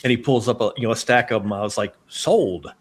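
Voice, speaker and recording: A man's voice: medium pitch, little pitch movement, racing. A man chatting casually about tabletop games, easygoing and enthusiastic. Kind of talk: casual chat.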